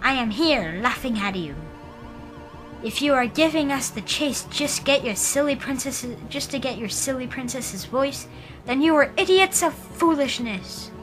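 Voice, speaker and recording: A woman voicing a crazed little male villain henchman who rants loudly in mangled grammar. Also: high-pitched, animated, a little slow, soft background music, voice pushed up, rough recording. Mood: gloating. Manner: loud ranting with mangled grammar.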